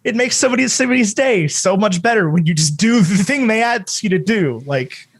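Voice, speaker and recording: A man's voice: high-pitched, animated, fairly quick. A man hosting a movie podcast, chatting casually and rambling through jokes and stories. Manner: rambling, joking, with many restarts. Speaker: podcast host. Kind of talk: casual interview chat.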